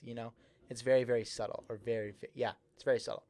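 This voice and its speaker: A man's voice: medium pitch, little pitch movement, quick pace, darkish tone, no room sound. A young man hosting a livestream, giving casual, rambling feedback on a submitted song with lots of fillers and repeated words, slightly slurred S's. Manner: says he slurs his S's a little. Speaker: livestream host reviewing music submissions.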